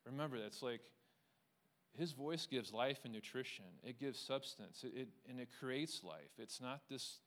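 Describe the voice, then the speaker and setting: A man's voice: medium pitch, lively intonation, normal speed, a bit bright. A man teaching an informal Bible lesson in a conversational way, often restarting sentences and acting out quoted voices, then closing in prayer. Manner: closes with a prayer. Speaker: teacher leading a Bible study. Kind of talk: informal sermon.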